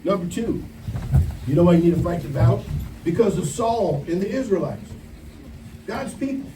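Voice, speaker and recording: A man preaching a camp sermon, telling stories in an animated way and acting out the voices of the people in them. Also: sits high, normal speed, a little hiss or hum. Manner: animated storytelling, acts out quoted voices. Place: large room at a camp meeting. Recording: echoey room, distant mic, faint ambience.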